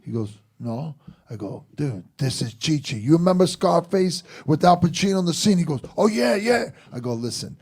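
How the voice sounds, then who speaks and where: Mellow male storyteller, acts out each line of dialogue, salty language. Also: on the high side, moderate pace, husky. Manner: animated, acts out quotes, swears. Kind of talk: casual storytelling.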